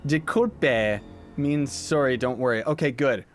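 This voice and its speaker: With game music in the background, a young streamer jokes around and answers viewer questions in relaxed livestream chat. His mid-range voice moves a little slowly.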